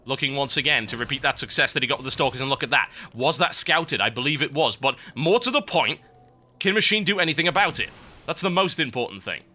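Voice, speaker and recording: A young British man casting a strategy game match with brisk, wry play-by-play and chatty asides. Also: medium pitch, animated, sharp tone. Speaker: esports caster. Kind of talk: live game commentary.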